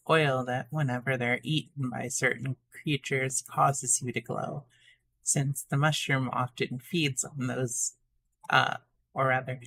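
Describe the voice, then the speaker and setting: A man's voice: medium pitch, gravelly, a bit bright, dry recording. A man voicing a chatty, know-it-all talking fox who explains things at length and corrects himself as he goes.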